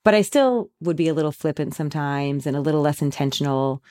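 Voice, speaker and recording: A woman's voice: sits low, fast talker, warm tone. A woman, a company founder, telling a personal story in a candid, rambling way, with fillers and restarts.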